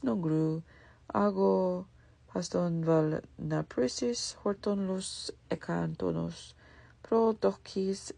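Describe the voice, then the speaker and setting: A woman voicing a starving beggar man, gravelly. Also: low voice, warm tone, dry recording, heavily acted. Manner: pleading, slow and drawn out. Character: starving ragged young man begging in many tongues.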